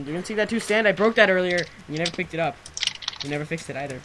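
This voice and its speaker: A teenage boy chatting casually while gaming with a friend, excitable and quick to shout, his throat sore from screaming. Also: high voice, noisy background. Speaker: gameplay commentator. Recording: loud keyboard typing and clicks.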